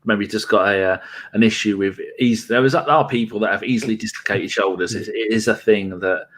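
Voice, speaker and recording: Lower-voiced podcast host. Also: male voice, a little fast. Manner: relaxed, chuckling, hesitant fillers. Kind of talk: casual football chat, reading listener comments.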